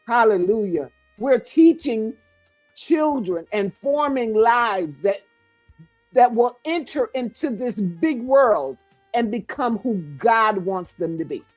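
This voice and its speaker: A woman's voice: fairly high pitch, lively intonation, takes it slowly, dry recording, soft background music. Fervent woman preaching encouragement. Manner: fervent, repetitive, declaring. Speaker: guest author.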